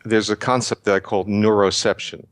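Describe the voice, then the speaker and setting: An older man giving measured, lecturing explanations as an interview guest, often restarting his sentences. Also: on the low side, level tone, smooth, no echo. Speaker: guest researcher.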